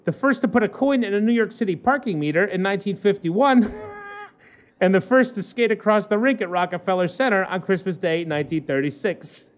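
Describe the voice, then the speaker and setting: A man's voice: high-pitched, a little fast. A man co-hosting a casual talk show, joking as he reads an odd news story aloud and trips over words. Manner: joking, stumbles over words while reading. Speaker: podcast co-host.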